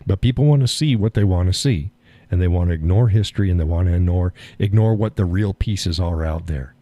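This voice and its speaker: A man's voice: sits low, brisk, warm tone, dry recording. A man hosting a live stream, chatting casually, often laughing, folksy and blunt with casual swearing. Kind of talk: casual chat.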